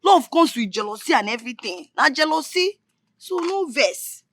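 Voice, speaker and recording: A man's voice: very high-pitched, big pitch swings, normal speed, fairly bright tone, heavily acted. A soothing Nigerian man. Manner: coaxing, soothing Pidgin speech. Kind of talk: film drama acting.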